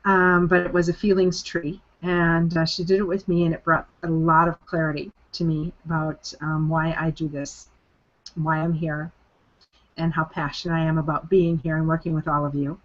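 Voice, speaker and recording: A woman hosts a motivational group call, sounding sincere and emphatic. She repeats key phrases to drive them home, her voice sitting a little low. The audio is muffled and lo-fi, like a conference line. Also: level tone, moderate pace. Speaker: coaching program leader hosting a group call.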